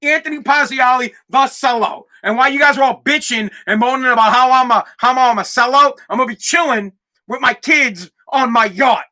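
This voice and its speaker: A man hosting his own podcast, ranting loudly and profanely in a solo monologue. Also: very high voice, fairly quick. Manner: loud, profane, animated rant. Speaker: podcast host.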